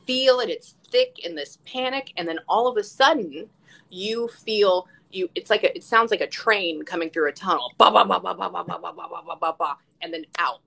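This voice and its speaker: With a fairly low-pitched voice over poor audio, a psychic medium chats casually on a live stream. She's animated as she tells stories, swears freely, and acts out what people said.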